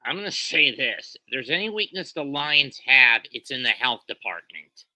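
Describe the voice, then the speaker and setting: A man co-hosting a live game-watch stream, with a quacky, duck-like voice and a dry, deadpan wit. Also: medium pitch, moderate pace, dry recording, low-quality recording. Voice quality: quacky voice, likened to a cartoon duck. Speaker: co-host.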